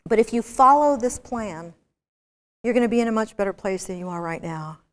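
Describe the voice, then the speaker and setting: A woman's voice: medium pitch, expressive, fairly quick. A woman giving a university business lecture, telling stories with energy and throwing rhetorical questions at the audience. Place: large lecture hall. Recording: long reverb of a lecture hall.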